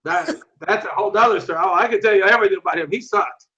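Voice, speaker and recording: An older man in his sixties with a high, gravelly voice tells stories in an interview. He is blunt and swears freely. The audio sounds dull and lo-fi. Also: expressive, racing, sharp tone. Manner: blunt and profane, quotes people in his stories. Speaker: martial arts instructor, interview guest. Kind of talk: storytelling in an interview.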